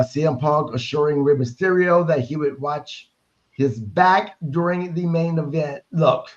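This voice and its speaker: A man's voice: mid-range voice, a little mellow, muffled recording. A man hosting a podcast, recapping wrestling in blunt, casual talk and swearing freely. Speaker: podcast host.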